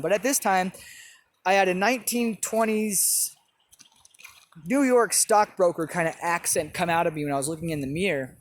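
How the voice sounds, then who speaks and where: A young man earnestly recounting personal experiences in an animated, casual way. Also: high voice. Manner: earnest, animated, with quick bursts. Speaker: storyteller. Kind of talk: personal testimony.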